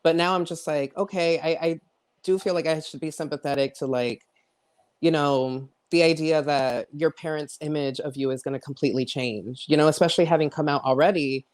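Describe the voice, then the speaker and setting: A man's voice: a little high, fairly even intonation, brisk. A man in a casual panel chat, speaking reflectively and hesitantly with many fillers. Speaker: podcast co-host.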